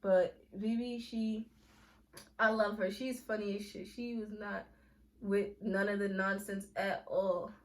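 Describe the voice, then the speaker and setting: This young vlogger's voice is mid-range and unhurried, with little movement in pitch. Sharing a personal story on a casual vlog, she comes across as candid and emphatic, slipping into slang and restarting when she gets emotional.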